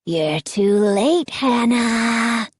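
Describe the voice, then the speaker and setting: A woman voicing a cruel, sneering ghost of a boy in a slow, hollow whisper for an audiobook. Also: mid-range voice, animated, slightly rough, no echo, pitched below the performer's own voice, exaggerated voice.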